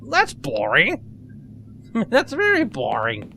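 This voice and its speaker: A man gives chatty let's play commentary, his pitch swinging lively and wide as he jokes along. His voice sits in a middle register. A faint hiss of noise runs under the recording. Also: measured pace. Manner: chatty, animated and joking. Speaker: gamer commentator.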